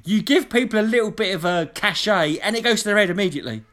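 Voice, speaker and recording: A man's voice: high-pitched, animated, quick pace, fairly bright tone. A man telling a long, sweary, indignant story in casual chat. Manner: sweary, indignant, mimics people in his stories.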